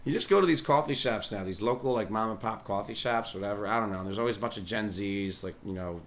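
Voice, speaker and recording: Profane rambling man, slightly low voice. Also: moderate pace, pauses often. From New York. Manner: profane, sardonic, laughs at own jokes. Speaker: podcast host. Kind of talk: rambling casual monologue.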